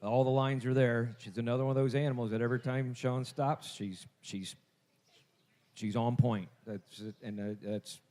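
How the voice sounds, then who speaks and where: A man's voice: medium pitch, steady tone, mellow. A man announcing lots at a livestock sale, talking casually and often restarting his sentences. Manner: halting, repeats words. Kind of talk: casual explanatory talk.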